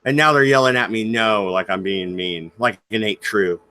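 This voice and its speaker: A man's voice: on the low side, normal speed, sharp tone, dry recording. A man hosting a casual stream, joking and laughing often while he chats with his co-hosts. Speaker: stream host. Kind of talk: casual banter chat.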